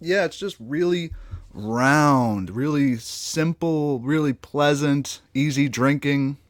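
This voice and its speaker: A man's voice: on the high side, no echo. Playful man reviewing beer, dry sound. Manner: playful, chatty, trailing pauses while tasting. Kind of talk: casual beer tasting review.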